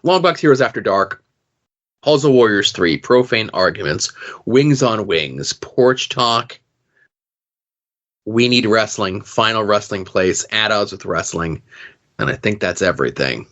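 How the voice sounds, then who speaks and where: A man's voice: lowish voice, animated, a little slow, fairly bright tone. A man hosting a podcast, reading off links and show plugs in a chatty way, with plenty of "uh"s. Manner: chatty, with filler "uh"s. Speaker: podcast host. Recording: dull lo-fi audio.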